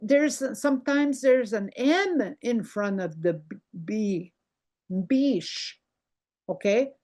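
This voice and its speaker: A woman's voice: fairly high pitch, animated, takes it slowly, a little mellow. An older woman teaching a language lesson, patiently repeating words and checking in with "okay?" as she goes.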